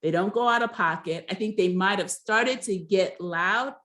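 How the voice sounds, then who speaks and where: A woman's voice: mid-range voice, normal speed, a bit bright. A woman casually recapping a reality show episode, rambling with many fillers and giving blunt, gossipy opinions.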